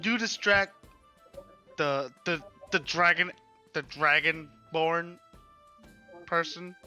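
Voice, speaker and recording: A man's voice: a little high, slow, pushed and bright, faint music behind. A man playing in a tabletop game, goofy and joking. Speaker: player. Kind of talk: casual tabletop role-play.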